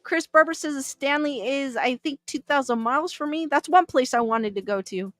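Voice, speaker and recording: A woman hosting a casual livestream talks with viewers in a high, bright voice, chatty and given to thinking aloud with fillers and laughs. Her voice sounds dry and close, with faint music underneath. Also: moderate pace, dry recording. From Southern California. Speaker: livestream host reading chat. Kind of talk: casual live chat.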